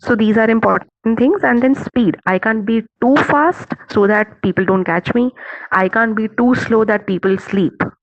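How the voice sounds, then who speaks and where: A woman with an Indian accent giving an online teacher-training talk, measured and earnest, with many fillers and restarts. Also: fairly high pitch, no echo. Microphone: video call. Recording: dull lo-fi call audio.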